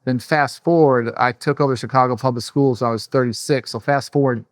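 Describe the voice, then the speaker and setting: A man's voice: mid-range voice, steady tone, fairly quick, no echo, clean studio sound. A middle-aged man speaking as a guest in a casual conversation, earnest and reflective. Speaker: guest, former education official.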